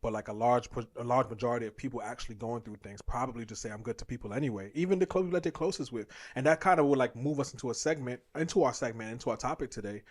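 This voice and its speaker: A man's voice: medium pitch, fast talker, hardly any pauses, darkish tone. A young man co-hosting a podcast in casual chat, talkative and laughing often, acting out bits of small talk. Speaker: podcast co-host.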